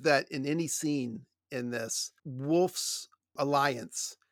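A man co-hosting a book discussion podcast, animated and pushing back with questions. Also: mid-range voice, takes it slowly. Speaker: podcast co-host.

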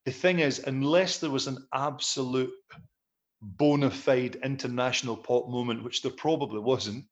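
A middle-aged man telling stories in a casual interview, a musician looking back on his career. He rambles through his anecdotes in a self-deprecating way. His voice sits at an ordinary pitch for a man. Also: steady tone, normal speed. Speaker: musician guest.

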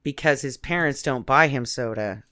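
A man's voice: mid-range voice, normal speed, sharp tone, clean tone. A man co-hosting a comedy podcast, chiming in dryly with plot details during a movie recap. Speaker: podcast co-host.

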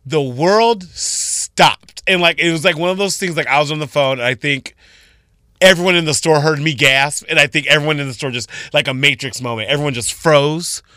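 A man's voice: a little high, normal speed, sharp tone, no echo, studio quality. A man, a retail worker guest, animatedly telling a dramatic story on a radio show.

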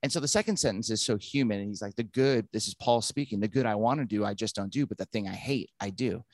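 A man, a pastor and author, telling a story in an interview and acting out the quoted lines with animated delivery. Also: on the low side, fast talker, no echo.

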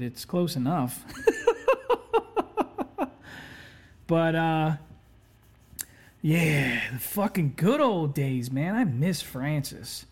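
A man hosting a podcast, telling a story in a laid-back, chatty way, swearing constantly and saying "you know" a lot. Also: on the high side. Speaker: podcast host. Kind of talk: casual storytelling.

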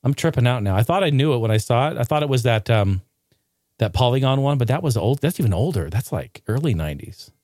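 Young male podcast host, rambling and jokey, very animated delivery, mid-range voice, dry sound. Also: medium pitch, quick pace, no room sound. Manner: rambling, joking, bursts into loud shouted bits. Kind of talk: casual gaming news podcast.

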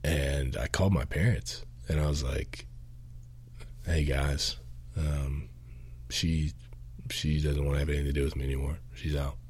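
Earnest young man, very deep husky voice. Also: fairly even intonation, a little mellow. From Augusta, Georgia, US. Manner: earnest, halting, many fillers and restarts. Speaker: podcast guest. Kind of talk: candid testimony.

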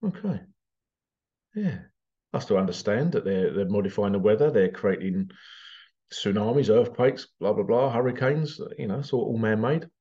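A man in a casual storytelling monologue, animated and conversational. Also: lowish voice, moderate pace, highs cut off. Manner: animated, conversational, acts out quotes. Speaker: vlogger.

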